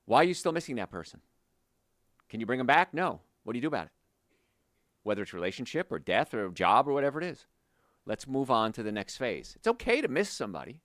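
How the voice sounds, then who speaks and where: A man with a mid-range voice hosts a health show, talking fast in an emphatic, animated, motivational way straight to his listeners. The studio-quality recording has no echo.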